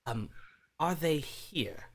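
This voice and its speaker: A man's voice: fairly high pitch, very animated, slow, vocal fry, crowd noise, full character voice. A game master voicing a flustered, fussy middle-aged father with a put-on British accent. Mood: fussy, polite.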